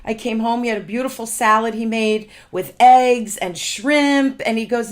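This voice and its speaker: A woman in her forties hosting a show, telling personal stories with lively acted-out dialogue. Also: fairly high pitch, normal speed, few pauses. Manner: animated storytelling, acts out quoted dialogue. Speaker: podcast host. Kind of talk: casual interview chat.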